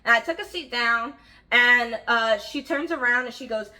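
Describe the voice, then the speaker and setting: A young woman casually telling a story from her job, animated and frank, acting out the voices of the people in it. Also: high-pitched, normal speed. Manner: frank, uses slang and swearing. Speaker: vlogger telling a work story.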